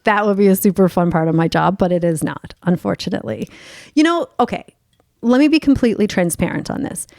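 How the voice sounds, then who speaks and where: A woman hosts her own podcast in a candid, bubbly chat, tossing in playful swears as she goes. Her voice sits at a middle pitch and is recorded close and dry, with no room sound. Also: lively intonation, brisk, a little mellow, no echo. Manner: bubbly, playful and openly profane. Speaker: podcast host and sex coach.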